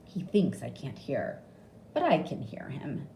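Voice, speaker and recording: A woman reading a graded reader story aloud, slowly and clearly, in an expressive way. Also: extremely low pitch, slight background noise. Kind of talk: graded reader audiobook narration. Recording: echoey room with faint ambience.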